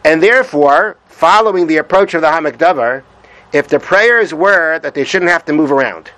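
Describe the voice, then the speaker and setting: A man's voice: fairly high pitch, expressive, normal speed, fairly bright tone, no room sound, low-quality recording. A man giving a Torah lesson, reading Hebrew sources aloud and translating them, explaining patiently and repeating his points. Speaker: Torah teacher.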